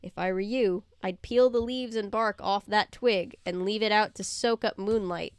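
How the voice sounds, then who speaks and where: Kindly old rowan tree spirit, read by a woman, gentle and measured, smooth clear tone, dry close sound. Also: medium pitch, fairly even intonation, dry recording, lightly acted.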